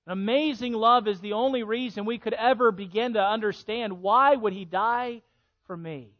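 A pastor from Illinois preaching a sermon, swinging between hushed passages and loud, emphatic ones. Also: male voice, sits high, moderate pace, muffled recording. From Illinois, USA.

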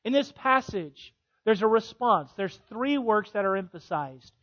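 A male pastor preaching a sermon in a church, swelling on key points and dropping soft and low at others. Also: lively intonation, unhurried, muffled recording. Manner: preaching with rising emphasis and soft drops. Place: church sanctuary.

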